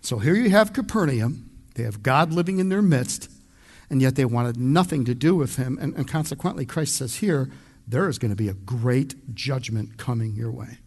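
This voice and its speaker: A man's voice: medium pitch, expressive, moderate pace, darkish tone, breathy edge. A man from the United States preaching an expository sermon as pastor, emphatic and conversational, speaking straight to his congregation.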